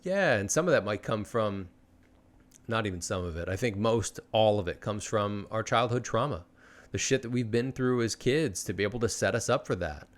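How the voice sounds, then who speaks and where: A man's voice: fairly low pitch, expressive, normal speed. A man in his thirties hosting a podcast interview, talking in a loose, rambling way with frequent swearing. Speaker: podcast host. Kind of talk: casual conversational interview.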